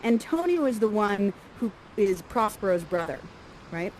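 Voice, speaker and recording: A woman coaching actors through a scene, lively and acting out lines for the performers. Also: mid-range voice, moderate pace, a little hiss or hum, poor audio.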